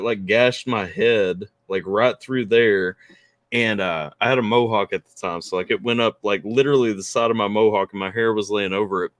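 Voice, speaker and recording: A man hosting a casual remote chat, talking in a rambling, animated way with lots of restarts. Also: medium pitch, no room sound. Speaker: podcast host.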